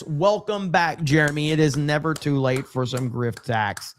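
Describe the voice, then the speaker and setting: Male stream host, loose and rambling, reads chat aloud, slightly high voice. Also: unhurried, hardly any pauses. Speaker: livestream host. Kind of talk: casual live stream chat.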